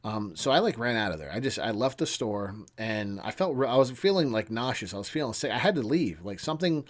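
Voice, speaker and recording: A man in his thirties, a channel host, telling a personal story in a casual, earnest way, halting at times and often dropping to a hushed tone. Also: mid-range voice, big pitch swings.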